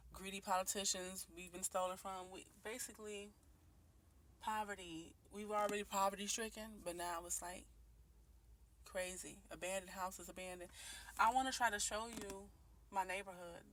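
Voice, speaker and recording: A woman's voice: medium pitch, fairly even intonation, moderate pace, slight background noise. A woman in her late twenties from Detroit, talking candidly and earnestly into her phone camera, with many ums and restarts. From Detroit, Michigan, USA. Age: 20s. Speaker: vlogger. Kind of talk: personal video monologue. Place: at home and out in her neighborhood.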